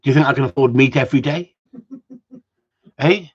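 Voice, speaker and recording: Man, casual vlogger, cheeky and crude, mid pitch, dull home recording. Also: sing-song, measured pace, breathy edge. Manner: rambling, cheeky, swears freely. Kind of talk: casual chat to viewers.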